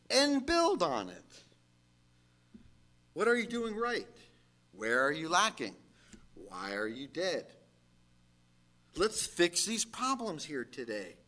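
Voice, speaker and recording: Bright, slow-preaching male pastor. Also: high-pitched. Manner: emphatic preaching, rising to shouted exhortations. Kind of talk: sermon.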